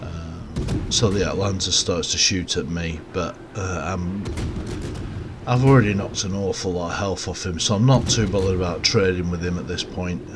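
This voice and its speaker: A man giving casual, rambling commentary over a recorded game, with relaxed, self-mocking asides. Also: low voice, moderate pace, noisy background. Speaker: gameplay commentator.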